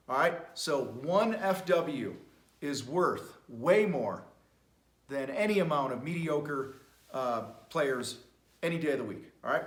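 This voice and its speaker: A middle-aged man coaching contractors on camera, blunt and high-energy, with some swearing. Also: lively intonation, takes it slowly. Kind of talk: motivational talk to camera. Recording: echoey room.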